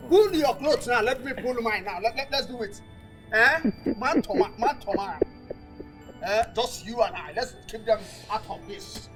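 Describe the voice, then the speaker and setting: A man's voice: very high voice, lively intonation, normal speed, music in the background. An actor with a Nigerian accent playing a boastful, jealous young man picking a fight. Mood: taunting. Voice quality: taunting, challenging. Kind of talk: Nollywood film acting.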